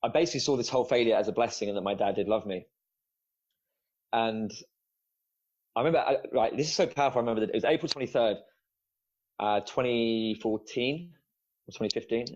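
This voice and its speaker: A man's voice: mid-range voice, brisk, long pauses, darkish tone. A man who is a former teacher and now a student coach, a podcast guest telling his personal story in a candid, emotional way with some casual swearing. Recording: dull lo-fi sound.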